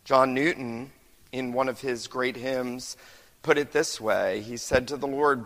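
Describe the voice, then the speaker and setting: A man preaching a sermon as pastor, impassioned, slowing down for quoted verses and building in volume. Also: medium pitch, steady tone, fairly bright tone, long reverb tail, poor audio. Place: church sanctuary.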